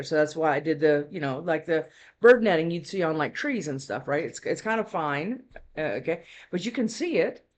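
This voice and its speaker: A tarot reader telling a story in a casual, rambling chat, full of fillers and tag questions. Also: medium pitch.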